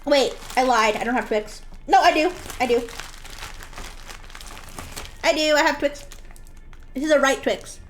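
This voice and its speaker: A woman's voice: high voice, a little slow, long pauses, a little hiss or hum. A woman streaming while she draws, chatting playfully with her viewers, giggling often and sometimes acting out a bratty daughter for laughs. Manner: acts out a bratty daughter in jest. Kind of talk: casual live-stream chat while drawing.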